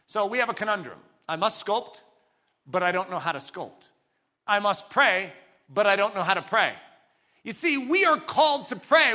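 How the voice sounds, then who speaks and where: A man delivering a sermon in a bright, cutting voice that sits high for a man. He swings from loud, forceful exclamations to soft, intimate asides, and his pitch leaps and falls all the way through. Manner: dynamic preaching, swinging between loud exclamations and quiet asides. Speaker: pastor.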